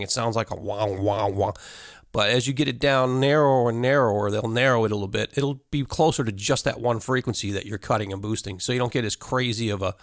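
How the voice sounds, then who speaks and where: A man's voice: lowish voice, creaky, dry recording. A man teaching live sound basics in a casual hands-on tutorial, talking loosely with fillers and small laughs, on a studio condenser mic in a home studio. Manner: loose, conversational, full of fillers and little laughs. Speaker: audio engineering instructor. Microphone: studio condenser mic through a mixer.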